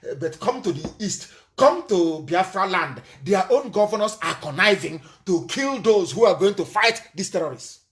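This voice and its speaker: A man with a Nigerian accent giving an impassioned live broadcast speech, angry and accusing, with sudden loud outbursts. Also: high-pitched, animated, moderate pace, few pauses, soft background music.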